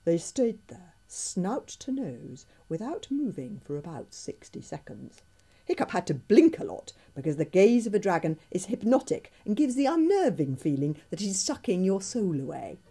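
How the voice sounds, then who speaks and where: A woman, the author, reading aloud from her children's book with expressive, dramatic storytelling. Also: medium pitch, moderate pace, slightly rough.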